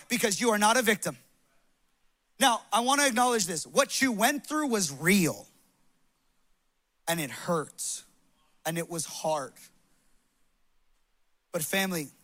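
A young adult male pastor preaching a loud, passionate, animated sermon to a congregation in a church hall. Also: high voice.

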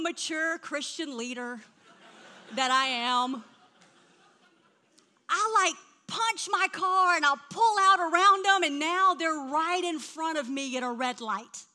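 A woman preacher delivers a sermon in a high, bright voice. She tells her stories with animation, dropping to near-whispers and then rising to loud, lively bursts. She sounds middle-aged and speaks with a strong pulpit presence. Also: takes it slowly. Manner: animated storytelling, swings from hushed to loud.

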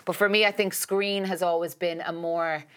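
A young adult woman, an actor, chatting as an interview guest, talking in quick loops with lots of restarts and "like". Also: fairly low pitch, steady tone, fairly bright tone, smooth. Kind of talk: casual interview chat.

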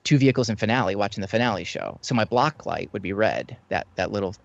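A man's voice: lowish voice, quick pace, gravelly, dry recording, lo-fi sound. A man telling stories about his years as a theme ride tour guide in a casual chat, rambling and acting out the lines he used to say to guests. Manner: rambling storyteller who acts out what he said to guests.

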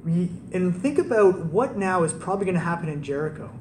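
A man's voice: sits high, lively intonation, a little fast, a little mellow. A man preaching a sermon, telling stories in a conversational way and asking rhetorical questions. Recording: roomy, distant mic with faint background noise.

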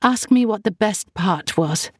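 A woman voicing a lively, teasing young sister in an audiobook, eager and bubbly. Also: medium pitch, unhurried, slightly rough, no room sound, clean studio sound, voice pushed up.

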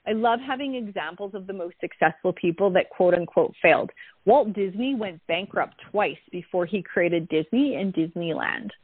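A woman's voice: medium pitch, lively intonation, moderate pace, breathy edge, no room sound. A middle-aged woman speaking candidly in a casual conversation, telling personal stories and reflecting. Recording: tinny call audio.

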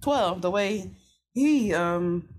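A woman's voice: medium pitch, expressive, very slow. A young adult woman co-hosting a casual gossip podcast, playful and teasing and full of slang. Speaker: podcast co-host.

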